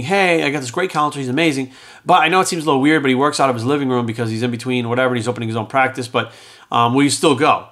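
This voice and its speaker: This fitness coach and podcast host, a middle-aged man, has a mid-range, slightly bright voice. He tells a personal story in a loose, rambling way, voicing the quoted lines of each person involved.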